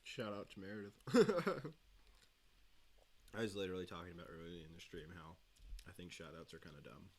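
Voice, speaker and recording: A man's voice: low-pitched, animated, a little fast, pauses often. A young man hosting a livestream, chatting casually and mumbling a bit while he eats. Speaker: livestream host. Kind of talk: casual chat while eating. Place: home studio, indoors.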